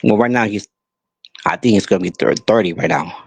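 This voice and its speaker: This man's gravelly, slightly rough voice sits fairly low and moves a little quickly, with no room sound behind it. As a podcast host, he rants with impassioned anger, begging his audience and circling back to the same points.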